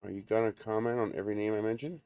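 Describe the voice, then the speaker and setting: Low-voiced man hosting a casual livestream. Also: very fast, clean tone, no room sound, clean studio sound. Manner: relaxed, teasing banter with chat. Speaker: livestream host.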